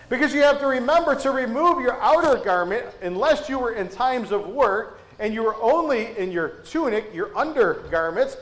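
A man's voice: very high voice, echoey room, poor audio. A man preaching a sermon at a church service, folksy and conversational, full of rhetorical questions.

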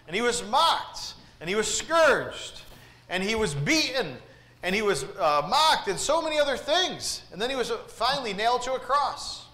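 A man's voice: very high voice, bright, forceful tone, reverberant. A man preaching a sermon in church, earnest and asking the congregation questions. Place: church sanctuary.

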